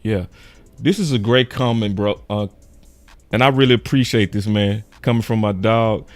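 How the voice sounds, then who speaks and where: A young man hosting a sports show in casual, animated chat, full of slang and quick laughs. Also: fairly low pitch, faint music behind. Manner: animated, slangy, laughs often, quotes fans in raised voice.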